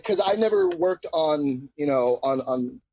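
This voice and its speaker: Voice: mid-range voice, measured pace, no echo, highs cut off. A podcast guest in casual chat, enthusiastic and swearing freely. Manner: swears a lot, animated and enthusiastic.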